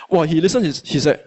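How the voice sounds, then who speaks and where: A man with a Malaysian English accent, telling a motivational story to an audience in a colloquial, animated way and acting out his own dialogue. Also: fairly high pitch, husky. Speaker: speaker at a business event.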